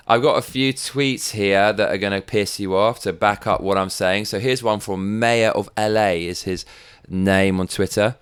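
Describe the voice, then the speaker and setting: A man's voice: lowish voice, a bit bright, clean tone, no echo. A man hosting a show, ranting in angry, profane political commentary and mocking what he reads out. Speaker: host.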